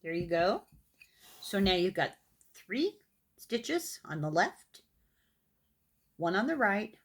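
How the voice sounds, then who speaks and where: An older woman with an Irish accent, gently talking viewers through a knitting tutorial step by step, patient and a little self-deprecating. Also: mid-range voice, sing-song, slow, breathy edge. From Ireland. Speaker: knitting teacher.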